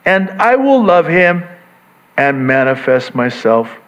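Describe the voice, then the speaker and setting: A man preaching a sermon in an animated way, acting out the voices he quotes. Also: fairly high pitch, slow pace, highs cut off. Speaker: pastor.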